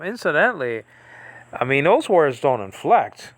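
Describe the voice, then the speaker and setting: A man with a gravelly, mid-pitched voice leads a casual Bible study. He rambles, circles back and fills pauses as he thinks aloud. The sound is close and dry, with no room around it. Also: lively intonation, fairly bright tone, no room sound. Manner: rambling, full of fillers and asides. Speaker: Bible teacher.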